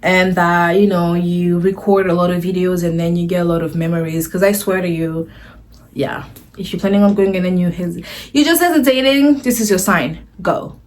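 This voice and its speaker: A woman's voice: on the low side, moderate pace. A woman vlogger telling a casual storytime to the camera, gushing and rambling, often restarting her phrases.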